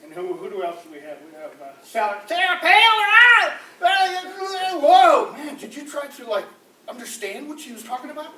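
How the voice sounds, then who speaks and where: A man doing rambling, animated political stand-up comedy before a live audience in a campus room, often slipping into mocking voices. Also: sits high, fast. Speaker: street comedian. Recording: echoey room, voice from far off.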